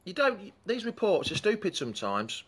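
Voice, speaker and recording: A man hosts a live fan chat show, his voice sitting a little high and swinging up and down with lots of expression. He talks in a rambling, casual way and keeps breaking off to greet commenters. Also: wildly swooping pitch, normal speed, fairly bright tone, slightly rough.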